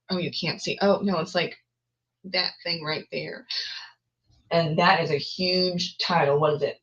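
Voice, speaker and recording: A woman's voice: on the low side, sharp tone, highs cut off. A woman chatting casually and rambling on a live stream, with laughing asides. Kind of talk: casual chat.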